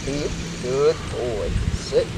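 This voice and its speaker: A man handling a dog outdoors, giving calm, low-key commands and praise. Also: drawn-out words. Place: outdoor training field. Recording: outdoor recording with loud background noise.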